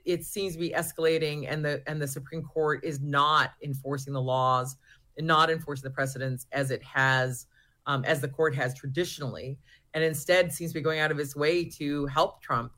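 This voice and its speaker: A woman who founded a research group answers interview questions as a guest, speaking earnestly with frequent restarts and fillers. Her voice sits low and is a bit bright.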